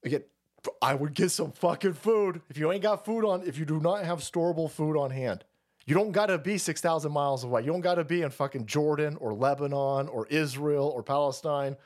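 A man rants on his livestream in a slightly high voice, swearing freely and tumbling from one point to the next. His talk rushes ahead in excited bursts of loose, unscripted commentary. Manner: profane, fast rambling rant. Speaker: streamer host.

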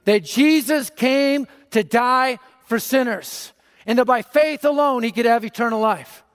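A man from North Denver giving an energetic, humorous gospel talk on a conference stage, speaking into a stage microphone. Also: very high voice, measured pace, clear, resonant tone. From North Denver, USA. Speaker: evangelist speaker. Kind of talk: gospel message speech. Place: large conference hall stage. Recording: reverberant hall.

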